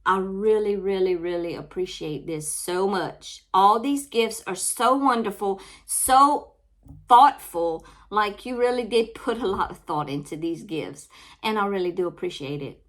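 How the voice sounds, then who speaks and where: A woman's voice: mid-range voice, a little slow, a bit bright. Woman, crafting-channel host, heartfelt and on the edge of tears, casual vlog delivery. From Louisiana. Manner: heartfelt, repeats her thanks, says y'all constantly. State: close to tears.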